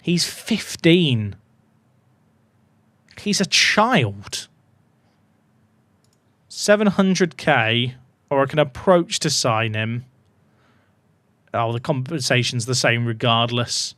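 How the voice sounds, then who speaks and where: A man's voice: mid-range voice, animated, takes it slowly, pauses often, fairly bright tone, no echo. A man casually commentating on his football management game, chatty and full of joking asides to his viewers. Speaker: gaming YouTuber.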